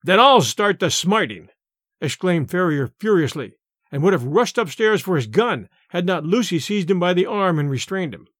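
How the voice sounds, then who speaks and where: Lively, expressive male narrator. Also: high-pitched, moderate pace, dry recording, studio quality. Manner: expressive, dramatic reading. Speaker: host and narrator. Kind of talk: audiobook narration.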